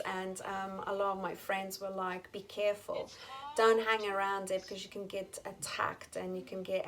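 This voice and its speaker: A woman's voice: medium pitch, low-quality recording. Earnest woman telling a personal story. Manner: earnest, emphatic, addresses viewers as guys. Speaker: vlogger. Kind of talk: casual storytelling to camera.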